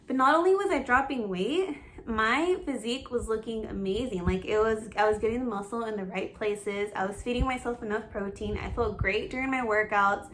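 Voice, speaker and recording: Young woman vlogger, slightly high voice, candid, laughs through tears while telling her story. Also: brisk, a little hiss or hum. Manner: candid and emotional, laughs through tears, animated self-talk. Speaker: fitness vlogger. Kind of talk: personal storytelling to camera.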